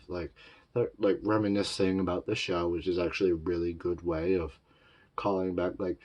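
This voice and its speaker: A man's voice: low voice, darkish tone. A man giving a casual, rambling spoken review of a cartoon series, looping back on his points with loose fillers. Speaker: show reviewer.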